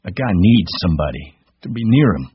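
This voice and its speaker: A man reading a story, voicing a lonely, bitter older stable hand who muses slowly in rural talk. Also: deep voice, slightly rough, no room sound, highs cut off. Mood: brooding. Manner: slow, musing rural talk.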